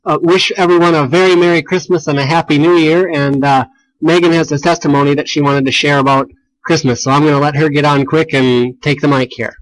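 Man, a bit high, hesitant and friendly, brief group greeting. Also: fairly even intonation, brisk, rough recording. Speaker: prayer room participant.

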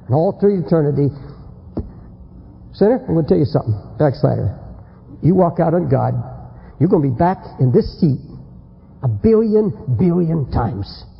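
A man preaching a fiery sermon, telling a story and acting out its people, swinging from shouts to hushed warnings. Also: a little high, animated, moderate pace, creaky, pauses often, husky. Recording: lo-fi recording in a reverberant hall.

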